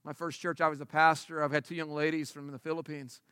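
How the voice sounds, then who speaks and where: A man's voice: fairly high pitch, level tone, fast talker, sharp tone, clean tone, dry recording, studio quality. A man preaching a sermon as pastor to his congregation, emphatic and conversational, asking many rhetorical questions. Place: church service before a congregation.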